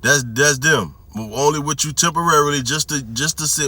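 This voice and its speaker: A man with a bright, edgy voice talks to camera in a loose, slang-filled preaching style. He keeps asking whether you hear him, and he drops into a slow, deliberate pace when he reads scripture aloud. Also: on the high side. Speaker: religious commentary vlogger. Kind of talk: casual preaching commentary.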